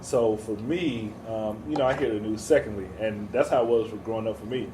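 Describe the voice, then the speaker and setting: A young podcast co-host chats in a laid-back way, laughing often and acting out quotes. His voice is lowish and brisk, with background noise on the recording.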